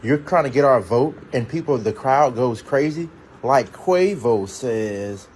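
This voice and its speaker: A man's voice: medium pitch, lively intonation, measured pace, darkish tone, slight background noise, rough recording. A man speaking indignantly and emphatically in a commentary clip.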